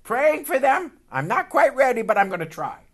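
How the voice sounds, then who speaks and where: A man's voice: very high-pitched, very animated, normal speed, husky, pitched above the performer's own voice, full character voice. A man voicing his exasperated grown brother, stubborn and complaining. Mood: grudging. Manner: indignant, complaining.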